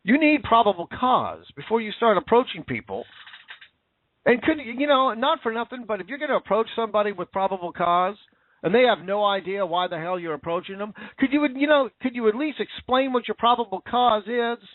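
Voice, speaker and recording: A man's voice: high-pitched, lively intonation, a little fast, no echo. A man giving a heated, sarcastic political rant, swearing as he talks. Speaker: political commentator. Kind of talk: angry ranting monologue. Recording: tinny phone-like sound.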